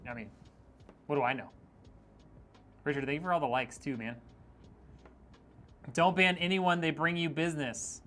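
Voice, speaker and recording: A man with a fairly high, fairly bright voice streams himself building a PC, reading viewer messages aloud and teasing the people who sent them. The mood is casual and joking, with laughter breaking in frequently.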